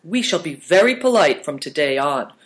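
A man reading aloud puts on a timid young boy who is eager to be polite and quick to apologise. The voice is pitched well above the reader's own and sounds earnest and a little anxious. It is a storybook voice rather than a full character performance. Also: sing-song, a bit bright.

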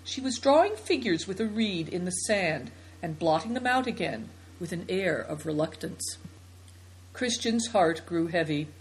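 A woman narrating a children's novel as an audiobook, in an expressive storytelling manner. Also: lowish voice, slight background noise, rough recording.

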